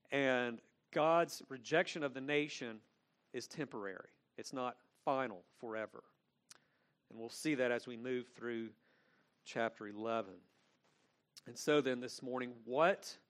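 A man preaching an expository sermon as pastor, earnest and emphatic, often restating his phrases. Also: mid-range voice.

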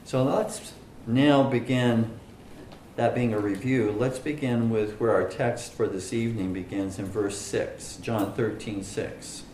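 A man teaching a Bible study, slow and deliberate, with many fillers and stress on single words. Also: lowish voice, fairly even intonation, darkish tone, roomy sound, slight background noise, poor audio.

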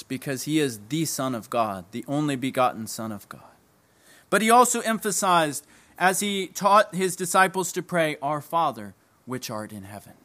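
A man preaching a sermon, emphatic, repeating key phrases and dropping low at the ends of lines. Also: sharp tone.

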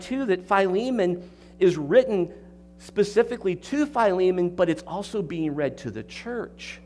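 High-voiced pastor preaching with emphatic questions. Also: male voice, slight background noise. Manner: emphatic, with repeated words and rhetorical questions. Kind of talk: expository sermon.

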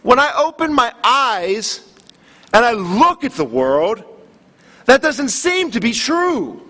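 A man's voice: very high voice, big pitch swings, slow pace, bright, forceful tone. A man preaching a sermon, earnest and building in intensity. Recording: long hall reverb.

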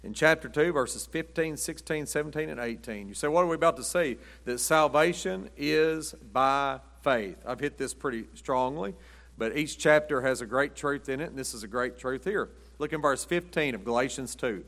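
A man's voice: medium pitch, normal speed, fairly bright tone. A middle-aged man preaching a Baptist sermon in a folksy, emphatic way, with punchy short lines.

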